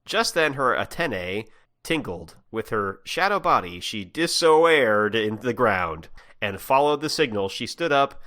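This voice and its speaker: A man reads fan fiction aloud on a casual podcast, his voice bright and forward. His pitch swings freely as he narrates and trades jokes with his co-host. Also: a little slow. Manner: animated, laughing reader.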